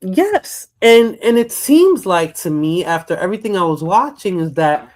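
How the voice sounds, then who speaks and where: A woman's voice: lowish voice, sing-song, normal speed, darkish tone. Chatty New York woman hosting. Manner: rambling, repeats words, laughs often. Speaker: livestream host. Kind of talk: casual chat.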